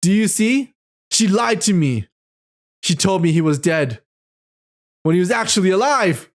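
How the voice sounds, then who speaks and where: A man voicing a cruel male dark lord cult leader, reading menacing lines aloud from a story. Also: high-pitched, expressive, unhurried. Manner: menacing, read aloud from a script.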